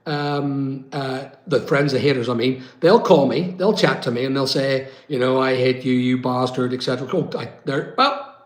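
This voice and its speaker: A man from Britain hosting a casual live-stream chat, rambling and reading viewer comments aloud. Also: on the high side. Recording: echoey room.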